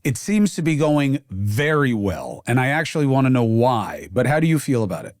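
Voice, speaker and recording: A man's voice: mid-range voice, big pitch swings, moderate pace, darkish tone, no echo, studio quality. A man hosting an interview, blunt and assertive, cutting in to push his own opinions. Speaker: podcast host, interviewer.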